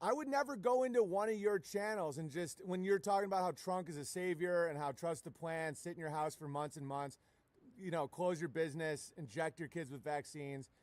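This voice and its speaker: A man's voice: a little high, brisk, no echo. A man delivering a crude, mocking, profane rant on a livestream, full of sarcasm. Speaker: livestream comedian. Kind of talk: crude ranting stream monologue.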